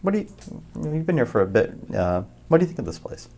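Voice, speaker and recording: A man with a gravelly, fry-edged voice hosts a relaxed podcast interview. He speaks at an average pitch and often stumbles over and restarts his questions before settling on them. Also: fast, slight background noise. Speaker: podcast host. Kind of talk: casual interview chat.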